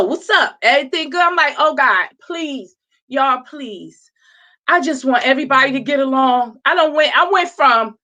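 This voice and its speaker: Bright, animated woman telling a story. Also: sits high. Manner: animated, laughing, acts out quoted voices. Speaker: host. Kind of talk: casual storytelling monologue.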